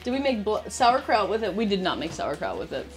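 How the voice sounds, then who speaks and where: A woman's voice: medium pitch, sing-song, fairly quick, slight background noise. A woman co-hosting a cooking livestream, chatting casually and cheerfully thanking viewers. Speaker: cooking stream co-host. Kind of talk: casual chat while livestreaming.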